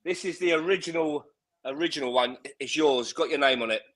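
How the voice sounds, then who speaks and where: A man speaking as a relaxed, jokey panelist on a live football fan stream. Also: fairly high pitch, fairly quick. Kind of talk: casual live-stream chat.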